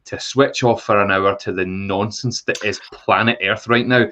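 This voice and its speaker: A man hosting a podcast, chatty and quick to laugh in casual banter. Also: lowish voice, steady tone, sharp tone. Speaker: podcast host. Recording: slightly dull, lo-fi sound.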